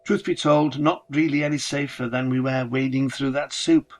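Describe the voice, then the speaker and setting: A man's voice: mid-range voice, steady tone, normal speed, poor audio. A man narrating a first-person horror story dramatically, with casual swearing.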